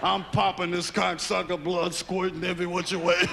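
Gravelly animated stand-up comedian, noisy. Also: male voice, sits high, normal speed. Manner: profane, animated storytelling with voices.

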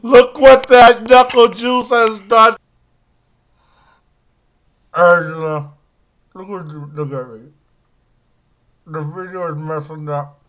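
A man doing whiny, high-voiced Junebug McGee. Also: slow pace, pauses often, a bit bright. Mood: lamenting. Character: battered, self-pitying man who scavenges cans. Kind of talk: comic character monologue to camera.

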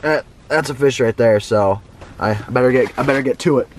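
A young man vlogging outdoors on a frozen lake, casually talking to his viewers and getting excited. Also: medium pitch, a little fast, noisy background. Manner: excitable, talks straight to viewers. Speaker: fishing vlogger. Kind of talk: casual vlog commentary.

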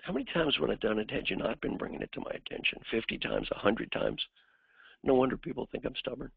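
Male executive coach lecturing with stories; husky voice, dry close sound. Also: medium pitch, fast, dry recording. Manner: animated storyteller who acts out the people in his stories. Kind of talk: lecture with anecdotes. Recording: dry, phone-like narrowband sound.

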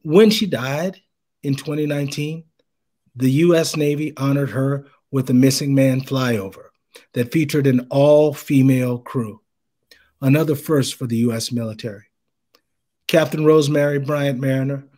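A man's voice: medium pitch, steady tone, normal speed, pauses often, dark tone. A man co-hosting a veterans talk show, reading a tribute and then chatting casually and laughing easily. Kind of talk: casual chat.

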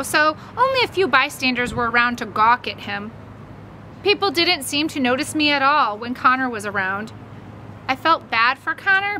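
Expressive woman reading a kids novel, bright tone, very animated. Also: sits high, slight background noise, poor audio. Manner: expressive storytelling. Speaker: audiobook reader. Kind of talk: reading a novel aloud with commentary.

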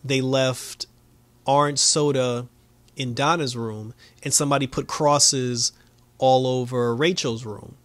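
A man's voice: mid-range voice, steady tone, slow, a bit bright, dry recording. A man casually recapping a TV episode, talking loosely with many fillers and breaking into laughter now and then. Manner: loose, lots of fillers, laughs often, acts out quotes. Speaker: show reviewer.

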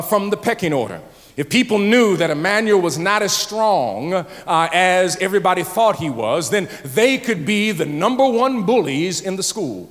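A male pastor preaching a sermon, telling a story with many "uh" fillers and building to shouted, impassioned preaching in a large church. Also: high voice. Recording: long church reverb, faint music.

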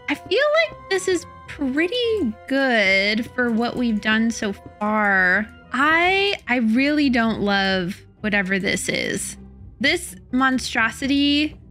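Young woman, Minecraft commentator: high-ish, bright, unhurried, self-doubting, chatty. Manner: chatty, self-doubting, laughing at her own build. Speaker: Minecraft build-battle player. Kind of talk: casual gameplay commentary.

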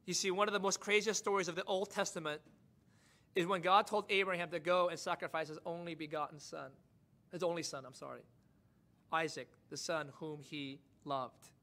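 Male pastor, high bright voice, impassioned sermon delivery with soft asides and swelling emphasis. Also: steady tone, moderate pace.

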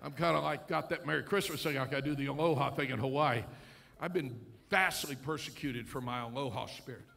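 A pastor preaching a sermon in church, loud in the call-and-response and joking when he tells stories. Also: medium pitch, a little fast, vocal fry. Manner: storytelling, joking with the congregation. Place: church sanctuary.

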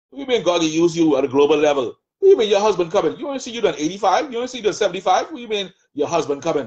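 A man with a Bahamian accent preaching a sermon, taunting in rapid repeated jabs as he voices the enemy's lies. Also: sits high, darkish tone, muffled recording. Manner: taunting, mocking the devil's voice in rapid repetitive jabs. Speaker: prophet preaching.

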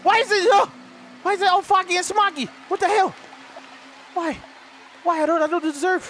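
A man with a hoarse voice giving jumpy, swearing let's play commentary, yelling and laughing as he reacts to a horror game. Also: very high-pitched, moderate pace, pauses often, a little hiss or hum. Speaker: gaming video host. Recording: game sounds under the voice.

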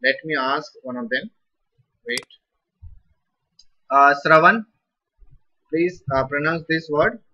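An encouraging Indian English teacher guides students through pronunciation, calling on them by name and praising each answer. His voice is bright and forceful, and he speaks slowly. The recording sounds dull and lo-fi. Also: on the high side. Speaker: Sanskrit teacher. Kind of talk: live online class teaching.

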